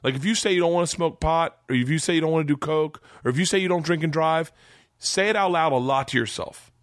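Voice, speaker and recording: A man in a comedic podcast interview, telling a story in an animated, profane way. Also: a little high, dry recording, studio quality. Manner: animated, profane, fast-building punchlines.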